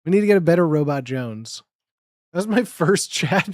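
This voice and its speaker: A man's voice: sits high, sing-song, takes it slowly, long pauses, no room sound, studio quality. Giggly rambling young man streamer. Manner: rambling, giggly, crude joking. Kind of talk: casual stream chat.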